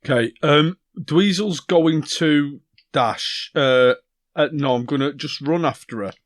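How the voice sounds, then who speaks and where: A man's voice: on the high side, measured pace, no echo, studio quality. A man playing a tabletop game who casually talks through his plans, with fillers. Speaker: player.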